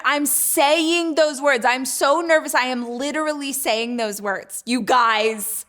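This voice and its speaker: A woman hosting her own talk show, telling a personal story in a gushing, animated way and acting out her own thoughts. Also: sits high, slow, few pauses. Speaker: podcast host. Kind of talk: casual storytelling chat.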